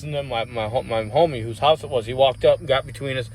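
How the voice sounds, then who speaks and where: A man's voice: medium pitch, fast talker, a little hiss or hum. A man vlogging, telling rambling personal stories in a casual way, swearing often and using many fillers. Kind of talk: casual storytelling.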